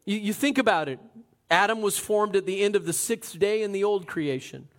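Male pastor with a high voice, preaches in a lively, dramatic way and swings between loud and hushed. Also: moderate pace. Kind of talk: sermon.

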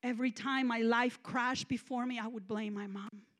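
A woman minister preaching a sermon and telling a personal testimony, moving between hushed and loud. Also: a little high, fairly even intonation, moderate pace. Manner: emotional storytelling, swinging from hushed to loud. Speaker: guest minister.

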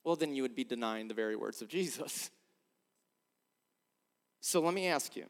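A man preaching a sermon as a pastor, earnestly posing rhetorical questions and swinging between emphatic and hushed delivery. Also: medium pitch, lively intonation, normal speed, long pauses. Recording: long hall reverb.

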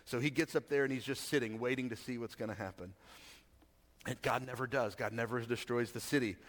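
A man's voice: mid-range voice, fairly quick, a bit bright, big-room sound. A man giving a casual sermon and reading scripture aloud, talking conversationally and often checking in with his listeners. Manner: conversational, asks the audience. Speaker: preacher.

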